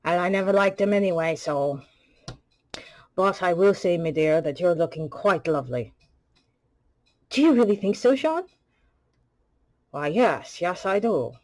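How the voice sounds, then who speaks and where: A woman's voice: on the low side, lively intonation, unhurried, pauses often, a little mellow. A woman voicing a blunt, gallant older male spy action figure in a home toy skit.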